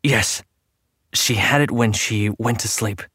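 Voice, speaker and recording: A man reading a worried young man, low-voiced. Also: takes it slowly, breathy edge, dry recording, clean studio sound, heavily acted. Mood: anxious. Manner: soft, anxious. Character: worried young man searching for his sister. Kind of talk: audiobook character reading.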